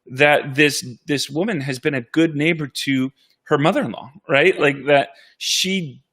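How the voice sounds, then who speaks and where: A man pastor in a casual church update chat, talking in a reflective, halting way with frequent restarts. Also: a little high, fairly bright tone. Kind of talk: casual conversation.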